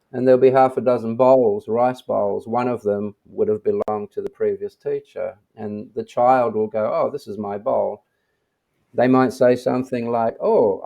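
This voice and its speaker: Low gravelly man on a thin line. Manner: calm, unhurried, self-assured. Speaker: interview guest, mystic teacher. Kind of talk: reflective interview talk. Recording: thin phone-like audio.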